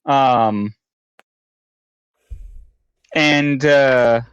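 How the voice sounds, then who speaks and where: A man's voice: medium pitch, very slow, fairly bright tone, clear, resonant tone, no echo, highs cut off. A man playing a tabletop game, talking casually with frequent hesitations. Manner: hesitant, many ums. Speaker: player. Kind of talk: casual chat.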